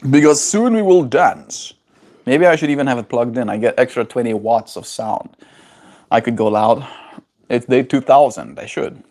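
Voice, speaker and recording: On a casual livestream, a man with a South African accent rambles along, chuckling often and reacting to what viewers write. His voice sits in the mid-range, a little mellow, at a moderate pace.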